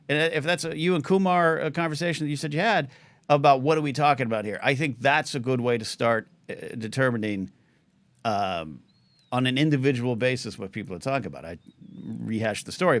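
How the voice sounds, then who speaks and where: A man co-hosting a live talk show, mid-pitched and lively, tumbling through restarts as he makes his point. His voice sits close and dry on the mic, with no room sound around it. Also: dry recording. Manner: animated, talks over his partner with many restarts. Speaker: co-host. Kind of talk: casual livestream chat.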